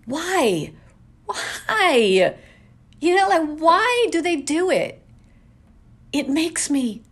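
A woman's voice: sits high, very animated, slow, long pauses, a bit bright. A woman hosting a casual solo podcast from home, ranting in an exasperated way with lots of rhetorical questions. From New England. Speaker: podcast host.

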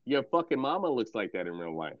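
A man's voice: mid-range voice, big pitch swings, fast talker, muffled recording. A man hosting a voice chat, taunting his opponent aggressively with constant profanity and repetition. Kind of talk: voice chat insult exchange.

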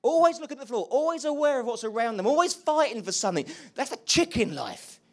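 A man preaching a sermon, animated and conversational, moving from quiet asides to loud emphatic praise and often asking the congregation questions. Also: very high-pitched, fast. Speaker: pastor.

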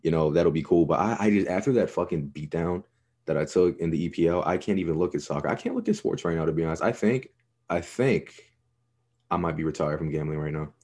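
A man's voice: low voice, very animated, brisk, darkish tone. A young man co-hosting a sports podcast, chatting casually in a laid-back, rambling way and swearing freely. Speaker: podcast co-host.

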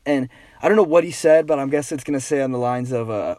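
A young man casually telling an anecdote, animated and swearing, saying dude a lot. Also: mid-range voice, fast, no echo. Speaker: storyteller guest.

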